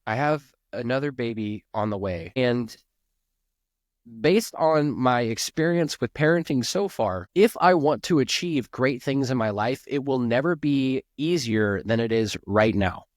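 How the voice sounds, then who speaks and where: A man's voice: mid-range voice, lively intonation, unhurried, no room sound, clean studio sound. A man speaking as a podcast guest, rambling earnestly and filling his sentences with "like". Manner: rambling, earnest, heavy use of "like", restarts. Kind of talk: podcast interview.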